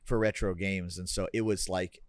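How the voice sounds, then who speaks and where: A man's voice: low-pitched, fairly even intonation, normal speed. A man co-hosting a podcast, telling a story in casual chat with an earnest, rambling manner and many fillers. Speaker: podcast co-host.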